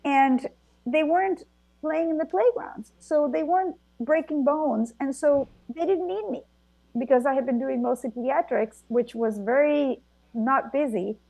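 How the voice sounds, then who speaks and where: Gravelly Spanish-native woman telling stories. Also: high voice, measured pace, no room sound, low-quality recording. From Argentina. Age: middle-aged. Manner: animated storytelling with frequent restarts. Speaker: guest, vintner and physician. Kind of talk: conversational interview.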